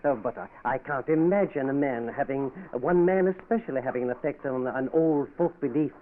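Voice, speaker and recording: A man's voice: medium pitch, fairly quick, natural voice. An actor playing a skeptical male American professor, polite and questioning, in a 1940s radio drama. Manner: questioning, polite, easily startled. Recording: tinny old radio broadcast with faint hiss.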